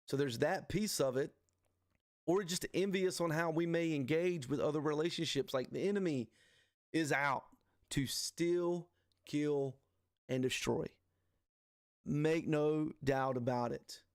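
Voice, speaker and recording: A man's voice: fairly high pitch, unhurried, no room sound, clean studio sound. A man in his forties hosting a men's ministry livestream, teaching in an earnest, casual way with plenty of "dude" and "man.". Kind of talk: conversational faith teaching. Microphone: livestream microphone.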